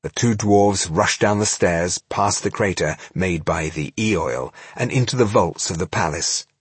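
A man narrating a fantasy audiobook in a measured, dramatic way, with a husky voice. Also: deep voice, dry recording. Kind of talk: scripted narration.

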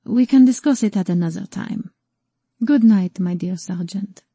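A woman's voice: medium pitch, normal speed, dark tone, husky, no room sound, lightly acted. Woman voicing Julie, an airy eccentric lady.

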